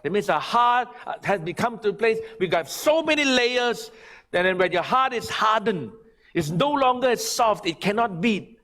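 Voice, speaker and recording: A male pastor preaching a sermon, swinging from loud, high emphatic lines to quiet, pleading ones. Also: expressive, normal speed. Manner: preaching with big swings from shouting to hushed pleading. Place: church sanctuary.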